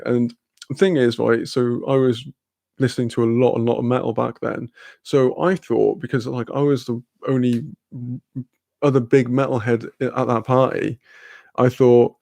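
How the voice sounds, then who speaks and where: Young man, casual sweary storyteller, gravelly, dry close sound. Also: mid-range voice, level tone, moderate pace, darkish tone, dry recording. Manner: rambling, sweary, laughing, fillers. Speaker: streamer.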